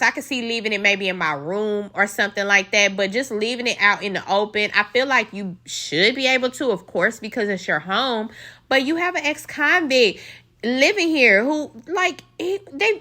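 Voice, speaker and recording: A woman giving a casual, profane recap of a reality show, blunt and animated, acting out the people she talks about. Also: on the high side. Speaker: recap host.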